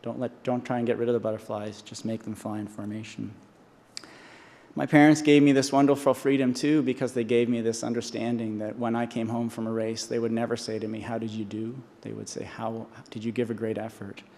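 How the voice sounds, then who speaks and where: A man's voice: mid-range voice, little pitch movement, fairly quick, gravelly, mellow. A man in his forties giving an earnest commencement speech from a podium, often restarting and repeating himself. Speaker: honorary doctorate speaker. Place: large convocation hall. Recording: long hall reverb.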